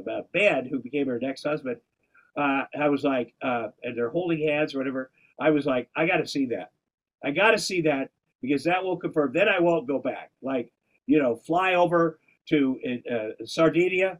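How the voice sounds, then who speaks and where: A man chats casually, wandering off on tangents and restarting his sentences. His voice sits fairly high. The recording sounds dull and lo-fi. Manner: rambling, digressive, many restarts. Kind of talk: casual conversation.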